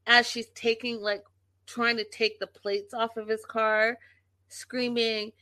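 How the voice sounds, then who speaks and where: A woman's voice: on the high side, little pitch movement, takes it slowly, sharp tone, no room sound. A woman recapping a reality show in a casual, indignant vlog, emphatic and swearing freely. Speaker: reality TV commentator.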